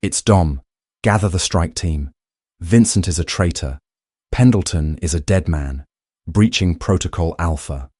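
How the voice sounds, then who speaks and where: A ruthless mafia boss growls orders in a raspy, commanding baritone, put on by a male storyteller. The voice sits very deep and menacing, recorded dry and close with no room sound. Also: measured pace, darkish tone, no echo. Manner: low and threatening, clipped orders.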